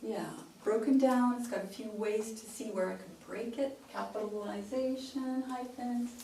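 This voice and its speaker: A woman's voice: a little high, steady tone, normal speed, warm tone. A woman pronunciation coach giving a workshop talk, demonstrating phrasing in short chunks. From Canada. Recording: roomy sound from a distant mic, faint hiss.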